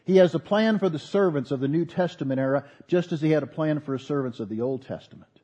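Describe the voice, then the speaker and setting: A pastor preaching a sermon, earnest with folksy asides. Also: male voice, fairly high pitch, fast, mellow, husky, muffled recording.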